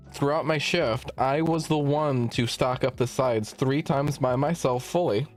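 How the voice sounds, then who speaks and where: A young man streamer recounting a work story in loose, casual chat. He swears a lot and acts out each quoted line with lively energy, his voice sitting at an ordinary middle pitch. Faint music plays underneath.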